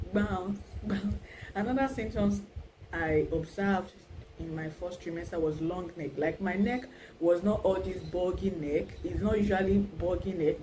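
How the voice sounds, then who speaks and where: A young woman with a Nigerian accent, talking casually to camera in a vlog, expressive and full of "like" and "oh my goodness". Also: mid-range voice, background noise. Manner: expressive, keeps saying "like" and "oh my goodness". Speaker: vlogger.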